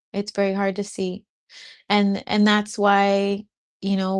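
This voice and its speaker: A young adult woman, a spiritual business coach, talking casually and emotionally to her live audience, laughing often. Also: medium pitch. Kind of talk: casual livestream talk to an audience.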